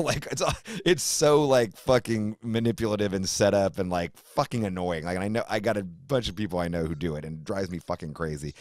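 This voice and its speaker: A man's voice: low-pitched, brisk, few pauses, no room sound. A middle-aged man hosting a podcast, talking casually, swearing a lot and acting out people in mocking voices. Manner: profane, animated, mimics people in put-on voices. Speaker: podcast host. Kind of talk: casual conversation.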